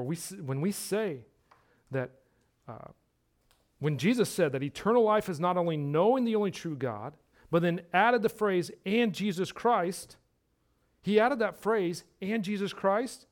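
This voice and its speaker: A man with a fairly high voice preaching a sermon. He drives each point home by repeating words, dropping to a hush and then rising loud. His voice drifts nearer and farther from the mic. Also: expressive, unhurried. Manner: emphatic preaching, repeats words for emphasis, swings between hushed and loud. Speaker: pastor.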